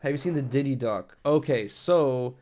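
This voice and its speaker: A man's voice: mid-range voice, normal speed, darkish tone. A man with an American accent chatting casually on a late-night stream, rambling and swearing and laughing easily.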